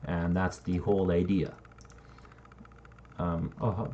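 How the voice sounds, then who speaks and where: Here a man with a low, darkish voice and a somewhat slow pace thinks out loud as he constructs a game map, rambling casually and cursing from time to time. It's informal screen-recording talk on a dull lo-fi mic, with faint noise and typing audible.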